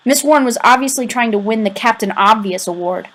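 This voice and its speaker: Expressive woman narrating an audiobook. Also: a little high, a little fast, poor audio. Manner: expressive, emotional storytelling with pleading quoted lines. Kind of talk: first-person audiobook narration.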